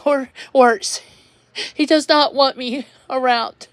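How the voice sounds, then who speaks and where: A woman venting on a livestream, rambling and halting, repeating words as she goes. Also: high voice, fairly even intonation, no room sound.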